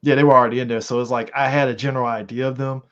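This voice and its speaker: A man co-hosting a podcast in casual chat, animated and profane, rambling with lots of fillers. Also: mid-range voice, very fast. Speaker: podcast co-host. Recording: slightly muffled lo-fi audio.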